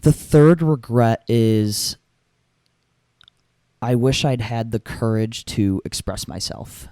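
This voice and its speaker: A man's voice: lowish voice, darkish tone, no echo, studio quality. A young man hosting a solo podcast, talking casually and rambling with lots of fillers and restarts. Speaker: podcast host.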